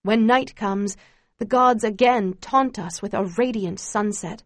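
A woman reading a first-person memoir aloud in a quiet, steady, grave storytelling voice. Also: medium pitch, a little slow, no room sound, studio quality. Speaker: narrator.

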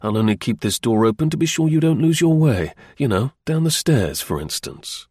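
A man voicing a calm, stern male detective who gives firm, measured orders in an audiobook reading. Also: medium pitch, breathy edge, no echo, clean studio sound.

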